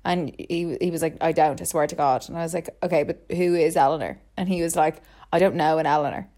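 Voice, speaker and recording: A woman's voice: low voice, fairly even intonation, quick pace, dark tone. A young woman, casually telling a long story and often saying "like" and laughing. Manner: chatty, full of "like", laughs often. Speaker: podcast co-host telling stories.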